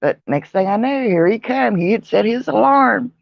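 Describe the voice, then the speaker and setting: A woman's voice: a little high, animated, moderate pace, creaky, no room sound, muffled recording. A tired woman chatting in a rambling way for her vlog on an outdoor porch. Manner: rambling, chatty, with many fillers and yawns. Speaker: vlogger. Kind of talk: casual vlog chat. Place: outdoor porch with traffic nearby.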